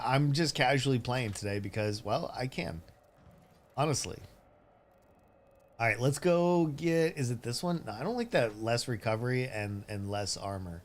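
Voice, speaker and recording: A man's voice: medium pitch, slight background noise. Rambling male streamer, easygoing chat. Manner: rambling, self-interrupting, laughs often. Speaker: game streamer. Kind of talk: casual live-stream chat.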